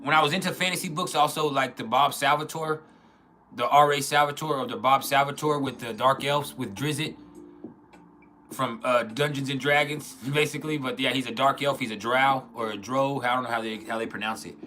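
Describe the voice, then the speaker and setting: Casting: man, bright tense voice, rambling livestream host, faint music underneath. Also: mid-range voice, steady tone, a little fast. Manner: rambling, restarts often, reads out chat comments. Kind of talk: casual livestream chat.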